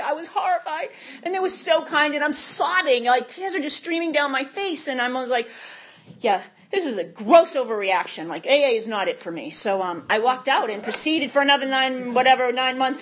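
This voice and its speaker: A woman with a husky voice sharing a candid personal recovery story at a meeting, frank and rambling, correcting herself as she goes. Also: a little high. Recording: dull lo-fi recording.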